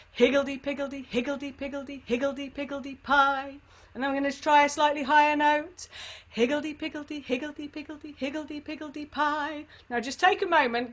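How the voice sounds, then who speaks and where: A woman leading an online sing-along warm-up over a computer microphone, chatty and encouraging, with playful asides. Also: medium pitch. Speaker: singing workshop leader.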